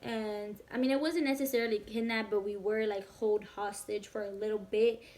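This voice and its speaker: A young woman, telling a personal story in a casual vlog, talking fast and animated, with lots of "like" and swearing. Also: medium pitch. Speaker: vlogger.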